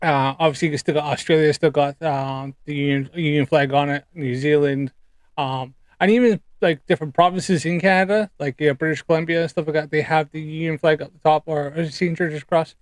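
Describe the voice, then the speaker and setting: A man chatting casually on a live stream, rambling with many ums and pauses while reacting to clips. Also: a little high, steady tone, dry recording. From United Kingdom.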